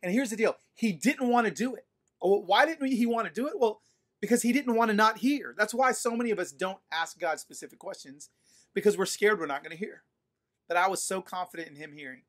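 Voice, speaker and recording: A man preaching a sermon to an online congregation, telling stories in a playful, animated way and speaking straight to his listeners. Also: sits high, a little fast. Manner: animated, playful, addresses audience directly. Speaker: pastor. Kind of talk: sermon storytelling. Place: livestream during quarantine.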